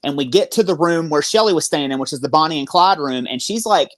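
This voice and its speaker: A man's voice: a little high, lively intonation, fast. A man guest retelling an event step by step in conversation. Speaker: podcast guest, paranormal investigator. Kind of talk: storytelling in conversation.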